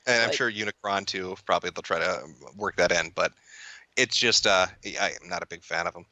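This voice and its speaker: Low-voiced and fairly quick, this man comes through a dry recording with a pushed, bright quality. As a guest in a relaxed chat, he rambles profanely, stumbles through restarts, and laughs often mid-sentence, plainly enjoying himself.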